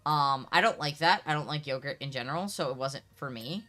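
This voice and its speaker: A woman's voice: low voice, brisk, bright, forceful tone. A woman hosting a live stream, chatting casually with friends in a blunt, joking way. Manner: blunt, joking, swears freely. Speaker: streamer host.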